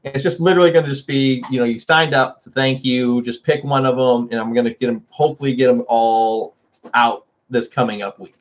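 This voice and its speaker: A man's voice: steady tone, a little fast, muffled recording. Chatty man hosting a livestream. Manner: chatty, laughs often, scolds his dogs in a high voice. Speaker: livestream host. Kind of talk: casual livestream chat.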